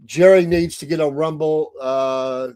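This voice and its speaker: A man's voice: fairly high pitch, steady tone, unhurried, a little mellow, smooth, no echo, clean studio sound. Folksy Southern man hosting a morning show. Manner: folksy, laughs often between remarks. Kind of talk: casual chat.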